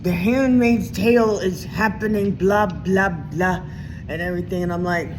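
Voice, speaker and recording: A woman's voice: on the low side, moderate pace, background noise. A woman vlogging in a casual, profane, rambling way, with lots of fillers, her voice rising sharply when she gets indignant. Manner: profane, meandering, many fillers. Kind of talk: casual rant to camera.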